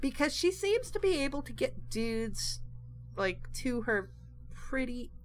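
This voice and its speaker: A woman's voice: high-pitched, sing-song, unhurried. A woman co-hosting a podcast, chatting casually with fillers and asides. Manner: talkative, lots of fillers and asides. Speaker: podcast co-host. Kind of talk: casual chat.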